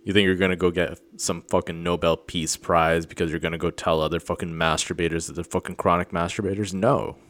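A deep-voiced man launches into an agitated comic rant. He rambles, accuses and swears constantly, leaning heavily on filler words. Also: level tone, fairly quick, hardly any pauses, a bit bright. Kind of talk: comedic profane rant.

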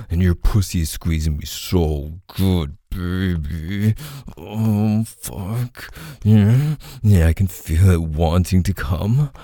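Deep gravelly man, breathy and intimate. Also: dry recording, studio quality. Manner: low, breathy and murmuring, with soft moans. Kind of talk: intimate audio role-play.

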